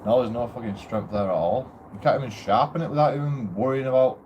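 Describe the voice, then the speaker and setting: A man's voice: medium pitch, fast, muffled recording, noisy background. A man ranting casually at home in a shared house, grumbling and swearing as he rambles with restarts. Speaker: vlogger.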